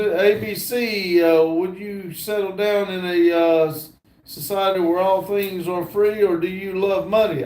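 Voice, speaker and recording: Older guy on a livestream, pretty high voice, lots of uhs, reading comments. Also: darkish tone. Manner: reads viewer comments aloud with many fillers. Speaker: livestream host reading chat. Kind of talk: casual livestream chat. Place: indoor room at a computer. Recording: echoey room.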